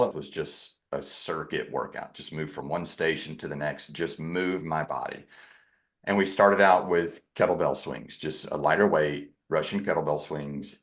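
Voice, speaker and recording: A man with a very low, deep voice talks as a podcast guest. He tells his own story candidly and pokes fun at himself along the way. The tone is conversational and personal. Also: fairly bright tone. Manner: candid, self-deprecating.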